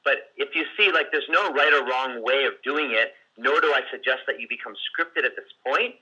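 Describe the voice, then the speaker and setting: A man teaching sales on a group call, his voice strongly bright and sharp with a husky edge. He talks loosely, restarting sentences and leaning on fillers as he works through his points. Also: mid-range voice, moderate pace, poor audio. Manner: conversational, many restarts and fillers; acts out client and seller lines in quotes. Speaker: sales coach.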